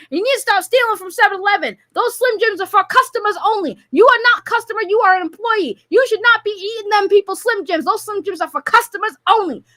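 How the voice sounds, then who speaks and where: A woman streaming live, ranting loudly with profane, mocking comic riffs at a caller. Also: very high-pitched, no echo, clean studio sound. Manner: loud, profane, mocking, rapid comic riffing. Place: home.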